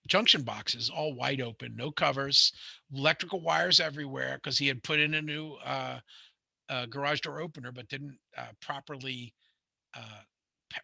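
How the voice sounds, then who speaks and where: A man's voice: medium pitch, normal speed, vocal fry, bright, forceful tone, no room sound. A middle-aged man, teaching a home inspection class in a rambling, conversational way, full of fillers and restarts. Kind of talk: classroom lecture with anecdotes.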